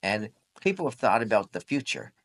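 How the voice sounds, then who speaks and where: A man's voice: lowish voice, very animated, fairly quick, fairly bright tone. A man hosting a podcast, chatting casually and rambling with frequent restarts. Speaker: podcast host.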